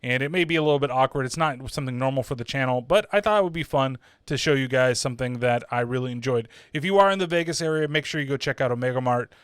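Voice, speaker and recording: A man's voice: medium pitch, fast, hardly any pauses, clean tone, dry recording, studio quality. A man hosting a casual horror film review, rambling and swearing freely with lots of "like" and "uh" fillers. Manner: rambling, profane, full of fillers like "like" and "uh". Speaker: horror movie reviewer, channel host.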